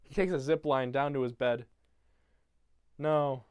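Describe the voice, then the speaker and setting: A man's voice: mid-range voice, fairly even intonation, unhurried, smooth, no echo, clean studio sound. Rambling young man retelling a film. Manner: rambling, profane, laughing. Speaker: YouTuber.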